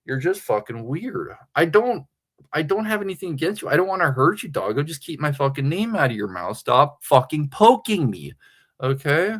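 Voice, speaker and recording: A man's voice: fairly high pitch, very animated, moderate pace. A slightly tipsy man hosting a livestream, rambling crudely and laughing often. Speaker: livestream host. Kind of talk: casual livestream chat.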